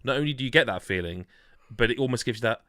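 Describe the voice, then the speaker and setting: A man's voice: mid-range voice, animated, rapid-fire, pushed and bright, smooth, no echo, studio quality. A man hosting a gaming podcast in casual chat, steering the talk and teasing his co-hosts. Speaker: podcast host.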